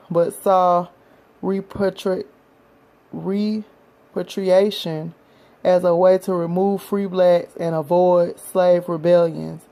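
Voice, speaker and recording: Woman vlogger, out of breath, earnest and weary, lowish mellow voice. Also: low-quality recording. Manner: earnest, speaks directly to viewers, tired. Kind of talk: reading a history text, then casual talk to viewers.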